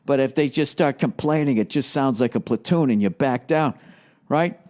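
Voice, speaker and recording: Podcast host, male, forties, Boston accent, tired and grumpy, swears constantly, ranting comic monologue at middling pitch. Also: normal speed, a little mellow. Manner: grumpy, profane, ranting with sarcastic asides. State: mentally exhausted. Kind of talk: rambling comedic monologue.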